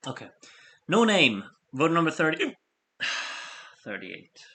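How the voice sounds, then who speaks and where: A man hosting a live stream of fan votes, reading out scores in a chatty, apologetic way while he has the hiccups and keeps clearing his throat. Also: medium pitch, expressive, moderate pace, pushed and bright. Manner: chatty, apologetic asides between score readouts. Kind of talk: casual live-stream commentary.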